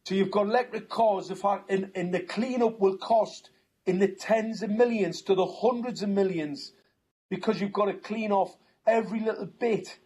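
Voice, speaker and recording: A man's voice: sits high, normal speed, a little mellow, slight background noise. A man with a Geordie accent, talking insistently on a chat show and repeating words when he gets going. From North East England. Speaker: guest. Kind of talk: conversational talk-show chat.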